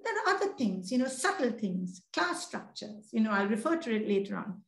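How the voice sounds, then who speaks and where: A woman's voice: fairly high pitch, big pitch swings, normal speed, creaky, reverberant, low-quality recording. A woman lecturing on literature, chatty and conversational with many fillers.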